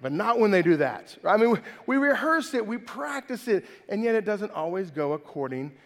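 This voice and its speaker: A man's voice: sits high, sing-song, moderate pace. A man preaching a sermon in a casual, chatty way, tacking "right?" onto his points. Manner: chatty, keeps adding "right?". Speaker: pastor. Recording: long hall reverb.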